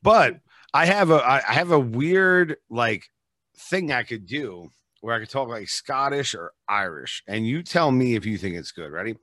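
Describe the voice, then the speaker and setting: A man's voice: medium pitch, animated, moderate pace, pushed and bright. A man hosting a podcast, playful and joking, swearing casually in conversation. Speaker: podcast host.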